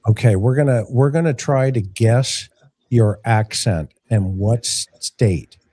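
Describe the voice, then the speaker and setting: A man's voice: medium pitch, a little slow, mellow. A man hosting a live call-in show, talking with callers in an easygoing, playful and direct way. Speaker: host taking live callers.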